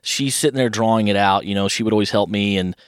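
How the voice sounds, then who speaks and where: Fast-talking man telling stories. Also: fairly low pitch, smooth, no room sound, studio quality. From Louisville, Kentucky. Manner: chatty, rambling, animated voices for quoted people. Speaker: podcast guest, artist. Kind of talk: casual interview storytelling.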